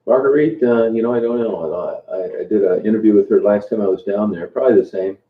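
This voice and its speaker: A man hosting a casual livestream chat, greeting viewers by name and talking in a relaxed, halting way with plenty of fillers and restarts. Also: on the low side. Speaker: livestream host. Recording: tinny phone-like sound in an echoey room.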